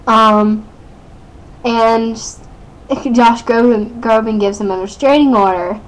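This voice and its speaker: A woman's voice: fairly high pitch, steady tone, slow, low-quality recording. A teenage girl recapping a TV episode into her webcam, chatty and rambling, full of "like" and "um", giggling often. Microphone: built-in webcam mic.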